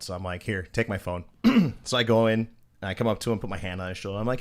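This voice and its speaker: A man's voice: on the low side, fast talker. A man hosting a podcast, telling stories in casual chat with lots of swearing and acted-out quotes. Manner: profane, animated, acts out quoted voices. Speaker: podcast host.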